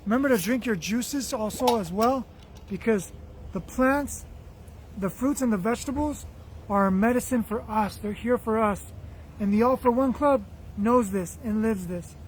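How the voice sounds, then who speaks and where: A man's voice: sits high, moderate pace, slight background noise. A man hosting a spiritual motivational livestream, talking earnestly and affectionately with repeated phrases while his voice is going. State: losing his voice. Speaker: livestream host reading viewer comments.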